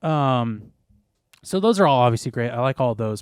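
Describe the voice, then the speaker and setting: A young man chats on a podcast and loses his thread as he goes. His voice is smooth and resonant, and the recording is close and dry. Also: mid-range voice, animated, moderate pace, dry recording. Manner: rambling, heavy use of "like". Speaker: podcast co-host. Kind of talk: casual chat.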